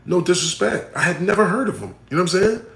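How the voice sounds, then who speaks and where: A man, a battle rapper, talking casually to camera and answering a fan's question. He is blunt, repeats himself and swings between loud emphatic points and muttered asides. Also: high-pitched, expressive, fast talker, vocal fry. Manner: blunt, repeats himself, full of "you know what I'm saying" and "right?". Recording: echoey room.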